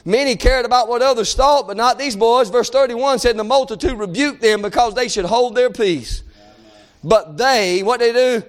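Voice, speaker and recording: A man preaching a sermon with fervent delivery, moving between shouted exhortation and hushed scripture reading. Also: very high voice, normal speed.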